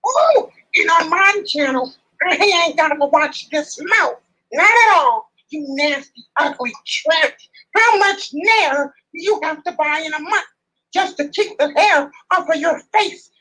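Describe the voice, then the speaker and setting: Female caller, very high and bright, mocking and insulting, trash-talk roast. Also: expressive, a little slow, low-quality recording.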